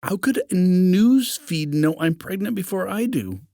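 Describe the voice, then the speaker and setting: An upset young wife, her questions rising high and pleading, as a male narrator puts her on. The read is dry and close, with no room around it. It comes from a storybook recording. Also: very animated, moderate pace, darkish tone, dry recording. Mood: distressed. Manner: questions in a raised, pleading pitch.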